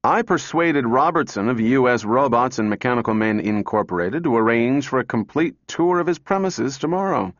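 A man's voice: medium pitch, animated, normal speed, hardly any pauses, dry recording, natural voice. Man playing a smug storybook father laying out a plan, dry dull audio. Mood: persuasive. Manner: persuasive, explaining.

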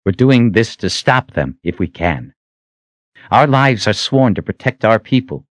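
A man's voice: on the low side, very animated, measured pace, dry recording, clean studio sound, pitched above the performer's own voice. A man voicing an earnest young army captain who speaks with raised, intense conviction in an audiobook. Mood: resolute.

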